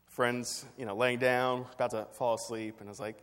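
A man's voice: medium pitch, flat delivery, moderate pace, long reverb tail. A man preaching a sermon, telling a personal story in a conversational way with fillers and restarts. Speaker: pastor.

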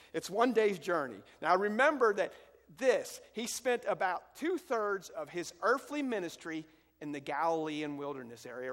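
A pastor preaching a sermon, emphatic at times and then quiet as he reads scripture and guides his listeners through it. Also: on the high side. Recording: long hall reverb.

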